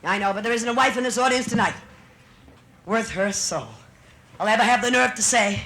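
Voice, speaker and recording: A woman's voice: a little high, normal speed, noisy background. A middle-aged woman comedian doing a bawdy live stand-up routine on a nightclub stage, teasing the audience with brassy banter.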